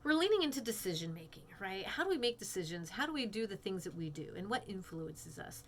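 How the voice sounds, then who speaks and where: A woman's voice: mid-range voice, very animated, fast, a bit bright, slight background noise. Chatty, frank woman instructor. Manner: chatty, frank, frequent "you know" and "right?". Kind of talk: casual recorded lecture.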